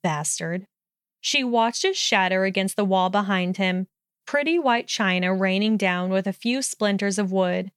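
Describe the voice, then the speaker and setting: A woman narrating a story in a steady, measured reading voice. Her tone is smooth and clear, and the recording is dry with no room echo. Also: medium pitch.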